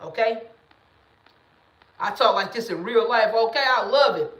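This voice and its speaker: A woman hosting a livestream in casual talk, blunt and emphatic, sometimes rising into loud preaching bursts, speaking into a phone or webcam. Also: on the high side, a little slow, echoey room. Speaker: livestream host.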